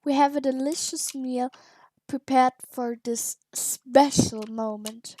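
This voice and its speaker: A bossy, hot-tempered president from a video game, read aloud by a woman. The voice sits high and the delivery is slow and deliberate. It sounds like on-screen dialogue being read out rather than fully acted. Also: fairly even intonation, mellow. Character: bossy male game president, easily angered.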